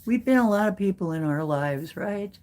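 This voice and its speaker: A woman's voice: medium pitch, lively intonation, moderate pace, darkish tone. A woman hosting her own video, chatting playfully and reading oracle cards aloud, prone to joking voices.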